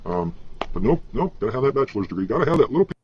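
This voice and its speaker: A man's voice: mid-range voice, sing-song, racing, darkish tone, slightly rough, dull audio. A man ranting in a rambling vlog, frustrated and profane, stumbling over fillers, heard from a replayed clip. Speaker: vlogger.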